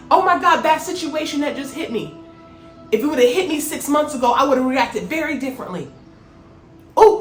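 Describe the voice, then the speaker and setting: A woman's voice: high voice, fairly bright tone. A woman hosting a motivational spiritual talk, earnest and emphatic with repeated phrases. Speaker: host. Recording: echoey room, faint music.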